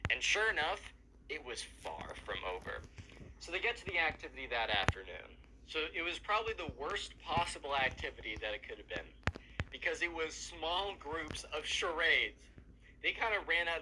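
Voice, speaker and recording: A man's voice: fairly high pitch, animated, moderate pace, sharp tone, a little hiss or hum, low-quality recording. A man casually telling a long story while gaming, chatty and full of fillers. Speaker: storyteller and gamer. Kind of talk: casual storytelling over gameplay.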